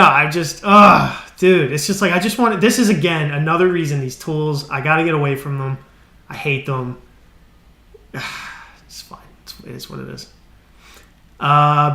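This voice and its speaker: Exasperated cursing male streamer, bright voice. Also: on the high side, vocal fry, roomy sound. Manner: exasperated, swearing, trailing off and restarting. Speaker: live coding streamer. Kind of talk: casual live-stream ranting.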